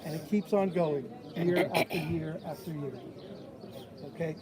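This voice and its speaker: Officiant, male, high voice, animated storyteller; outdoors with a crowd murmuring behind. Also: unhurried. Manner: animated storyteller who acts out quoted voices. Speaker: officiant at a bat mitzvah. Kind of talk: sermon with storytelling. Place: outdoors at an old stone wall.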